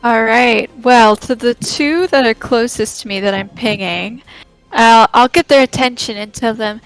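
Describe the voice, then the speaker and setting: A woman taking part as a player in a tabletop game, talking through her moves in a deliberate way. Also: fairly high pitch, clear, resonant tone, dry recording, faint music behind, rough recording.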